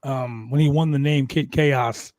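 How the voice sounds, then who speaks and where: A man hosting a wrestling podcast, telling a road story with heavy swearing and lively energy. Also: mid-range voice, measured pace, no room sound. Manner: animated, profane storyteller. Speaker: podcast host.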